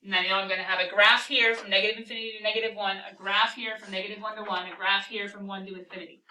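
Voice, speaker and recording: A woman teaching a calculus class, talking through a problem and firing quick questions at her students. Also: mid-range voice, level tone, bright, forceful tone, far from the mic, a little hiss or hum, rough recording. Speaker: math teacher.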